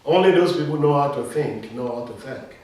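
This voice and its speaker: A man's voice: on the high side, animated, a little fast, a little mellow. A male pastor preaching a sermon, emphatic and leading his congregation in call-and-response. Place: church. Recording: echoey hall, mic from far off.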